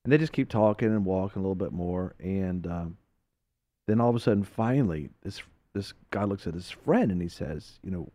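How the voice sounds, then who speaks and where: A man's voice: fairly low pitch, moderate pace, warm tone, dry recording. A man hosting a radio talk show, telling a story with laughs and acted-out quotes, then drawing a faith lesson from it.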